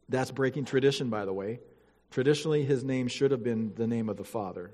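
A man's voice: mid-range voice, fairly quick, a little mellow. A man teaching a Bible lesson, reading scripture aloud and stopping to comment with playful asides. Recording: long hall reverb.

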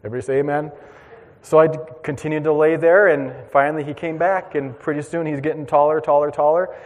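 A man preaching, telling a lively childhood story to his congregation and drawing a lesson from it. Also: fairly high pitch, fast, long reverb tail, highs cut off. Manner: animated storyteller, acts out voices and shouts. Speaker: pastor. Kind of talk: storytelling sermon.

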